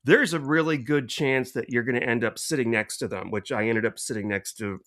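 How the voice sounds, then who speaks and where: A middle-aged man co-hosting a podcast, telling stories in an animated way and laughing often. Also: medium pitch, fairly quick. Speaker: podcast co-host. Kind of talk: casual podcast chat.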